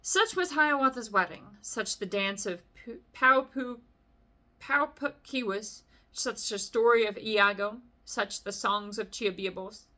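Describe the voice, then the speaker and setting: A woman reading a long poem aloud as a bedtime story, gently, with the odd casual aside. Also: fairly high pitch, a little slow.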